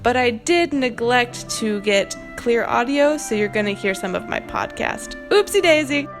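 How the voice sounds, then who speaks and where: Woman, from the United States, casual voiceover, self-deprecating jokes, slightly high voice, soft music behind. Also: measured pace. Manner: self-mocking, joking. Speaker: cooking vlogger. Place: home kitchen, recorded voiceover.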